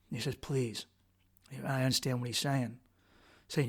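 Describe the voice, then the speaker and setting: A man's voice: medium pitch, steady tone, moderate pace, long pauses. A man hosting a podcast, retelling a harrowing personal experience in a raw, profane, intense way with frequent restarts. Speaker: podcast host. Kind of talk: personal storytelling monologue.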